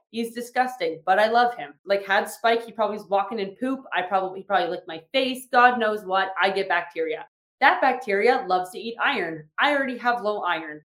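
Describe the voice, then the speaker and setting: A young woman hosting her podcast as a fitness trainer, talking casually and frankly, with lots of fillers and some swearing. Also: medium pitch. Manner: chatty, frank, swears often, many fillers. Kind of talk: casual solo podcast talk. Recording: echoey room.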